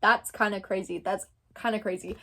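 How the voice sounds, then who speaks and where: A woman's voice: medium pitch, steady tone, moderate pace, pushed and bright. A young woman from Texas giving casual commentary, thinking aloud and rambling with lots of filler words. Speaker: commentary creator.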